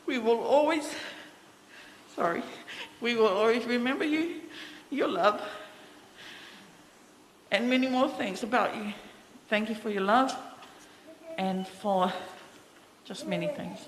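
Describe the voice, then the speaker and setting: A middle-aged woman giving a fond, reminiscing funeral eulogy in a large church, a little halting at times. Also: on the high side, slight background noise. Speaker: family member giving a eulogy. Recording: echoey church hall, faint ambience.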